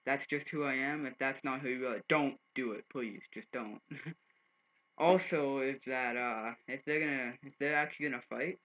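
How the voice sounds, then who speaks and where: A teenage boy rambles through a story to his webcam, loose and profane, full of fillers. His voice sits at an ordinary pitch for a young man. The audio is a little dull and lo-fi. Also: normal speed, bright, forceful tone. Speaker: vlogger. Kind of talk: casual storytelling vlog.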